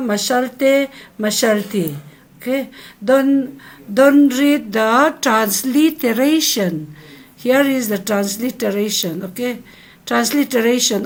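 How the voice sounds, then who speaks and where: Slow, patient woman teaching verb forms. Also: on the high side. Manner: slow, repeats each verb form for students to echo. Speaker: Hebrew teacher. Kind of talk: recorded grammar lesson.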